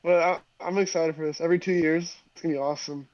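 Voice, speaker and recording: A young man co-hosting a sports podcast, easygoing and quick to laugh. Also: fairly high pitch, steady tone, a little mellow. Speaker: podcast co-host. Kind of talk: casual sports chat. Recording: dull lo-fi mic.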